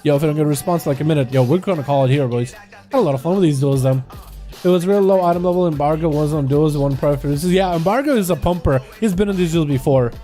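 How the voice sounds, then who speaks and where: A man's voice: a little high, quick pace, warm tone. A young man of Russian first language, streaming a game and chatting loosely with viewers in rambling slang. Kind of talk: casual livestream chat with viewers. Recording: faint music behind.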